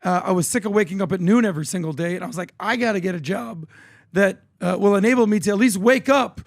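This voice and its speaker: A man in his thirties from Florida co-hosts a podcast, telling stories energetically and acting out the people he quotes in an animated chat. His voice sits high and moves quickly, captured in clean studio sound with no echo.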